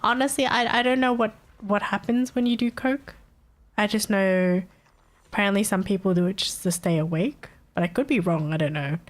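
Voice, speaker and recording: A woman's voice: mid-range voice, normal speed. A young woman streaming live, chatting casually with her chat, swearing and laughing often, her nose blocked so she sounds stuffy.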